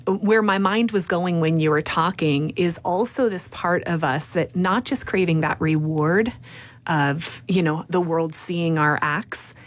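A woman's voice: fairly low pitch, a little slow. A woman hosting an interview who asks thoughtful questions and affirms her guest. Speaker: interview host. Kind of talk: conversational podcast interview.

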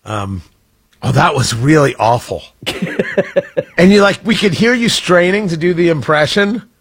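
A man's voice: fairly high pitch, animated, a little slow, fairly bright tone, husky. A man hosting a radio show with a Midwestern accent, joking and laughing at himself through on-air banter. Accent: American Midwest. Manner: joking, self-deprecating, laughs often. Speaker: radio host.

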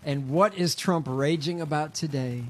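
A man's voice: a little high, moderate pace. A man hosting a casual political commentary show, sarcastic and rambling, with many fillers. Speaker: podcast host.

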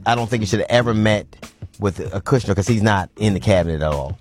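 A man hosting a radio show, chatting casually in an animated, joking way with frequent restarts. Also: lowish voice, fast talker, soft background music. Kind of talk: casual talk-radio banter.

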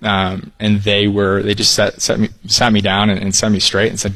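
Earnest young man, deep voice. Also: monotone, normal speed, a bit bright, dry recording, rough recording. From Texas. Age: 20s. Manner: earnest, polite, many ums. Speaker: guest, copywriter. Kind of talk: casual interview answers.

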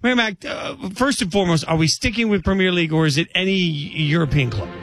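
A man's voice: high voice, quick pace, no room sound, soft background music. A man hosting a sports radio show, joking and chatty, with some hesitant restarts. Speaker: radio host. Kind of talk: casual sports radio talk.

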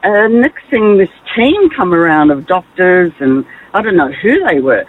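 A woman calling in to a radio show to tell an animated story. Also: lowish voice, measured pace, hardly any pauses, a little hiss or hum. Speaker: caller, former nurse. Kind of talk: telling a story. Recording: tinny phone line.

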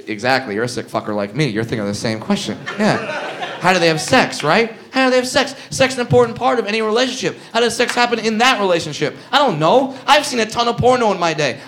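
A man doing a brash, loud stand-up comedy set, telling a story to a live audience. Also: fairly high pitch. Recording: noisy live club recording. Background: audience laughter.

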